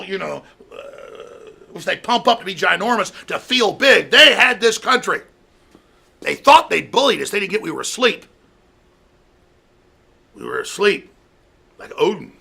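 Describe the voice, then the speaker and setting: A man's voice: high-pitched, lively intonation, a little slow, creaky, pauses often, sharp tone. A man hosting a talk show, delivering an angry political rant and mocking opponents. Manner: ranting, mocking, mimics opponents in a raised voice.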